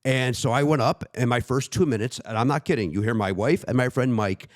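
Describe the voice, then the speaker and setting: A middle-aged man, a comedian, telling stories in casual chat and slipping into quick high-pitched impressions. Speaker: comedian guest.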